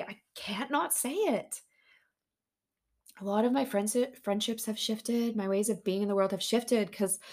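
A woman hosting a podcast, talking openly and earnestly in a casual, heartfelt monologue that turns excitable at times. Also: medium pitch, creaky. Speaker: podcast host.

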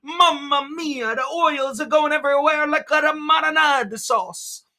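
A man putting on a panicky Italian pit crew worker with an exaggerated mock Italian accent and a high squeaky voice. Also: a little slow, sharp tone, full character voice. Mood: frantic. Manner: frantic, cartoonish.

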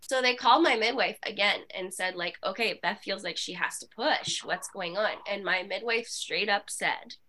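A woman guest on a podcast telling her personal story in a candid, animated way, with many fillers. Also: medium pitch, moderate pace, hardly any pauses. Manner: animated, with frequent fillers and laughs.

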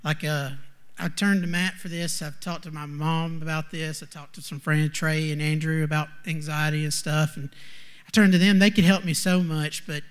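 A man's voice: on the high side, little pitch movement, smooth. Earnest young man with a raised voice. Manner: earnest, halting, heavy on "like". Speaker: student sharing a testimony. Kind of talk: personal testimony.

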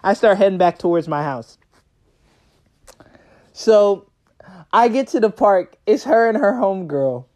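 High, mellow-voiced young man telling a story. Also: a little slow, long pauses. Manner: slangy, animated, laughs through the story. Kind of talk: casual storytime vlog.

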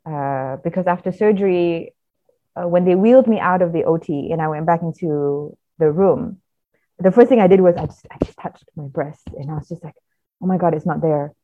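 A woman's voice: on the low side, normal speed, dry recording. A woman, a podcast guest, telling a personal story in an earnest, reflective way, often restarting her sentences. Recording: tinny phone-like sound.

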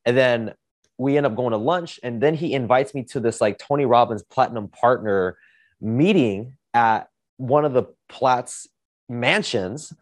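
A man hosting a podcast, telling a story in a casual, energetic way, swearing often and saying "like" a lot. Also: mid-range voice, measured pace, dry recording, studio quality. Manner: energetic, profane, heavy use of "like". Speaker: podcast host.

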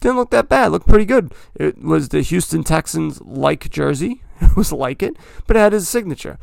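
A man hosts his podcast in a loose, rambling way, often stopping to correct himself. His voice is gravelly and sits a little high for a man. The sound is dry and close, with almost no room around it. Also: lively intonation, moderate pace, no echo. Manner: rambling, chatty, self-correcting. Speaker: podcast host. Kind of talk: casual hobby talk.

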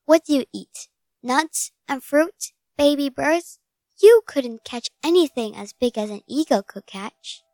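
A woman's voice: sits high, lively intonation, a little slow, dark tone, no room sound, clean studio sound. A woman voicing a small mocking caterpillar that taunts and laughs. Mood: taunting.

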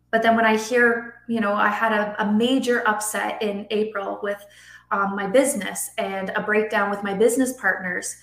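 A middle-aged woman talking as a podcast guest in a casual interview, animated and acting out quotes with a raised voice. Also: medium pitch. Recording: echoey room.

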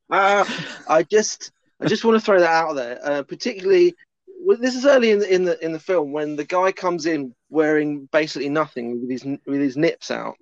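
A man's voice: on the high side, no echo, highs cut off. A man in a casual film review chat, hesitant and giggly, often stumbling over his starts.

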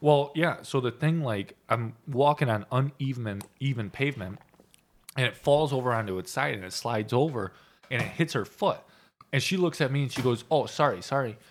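A young man co-hosting a podcast, telling stories in an animated, profane way. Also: medium pitch, moderate pace, a little hiss or hum. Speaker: podcast co-host. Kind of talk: casual storytelling chat.

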